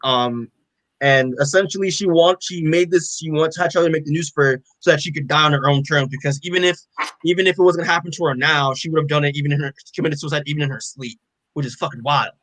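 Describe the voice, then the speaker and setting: A podcast co-host recaps a comic in a loose, rambling, casual chat, full of fillers and swearing. He's a fast talker with a fairly high, fairly bright voice. The recording has no echo but is low quality.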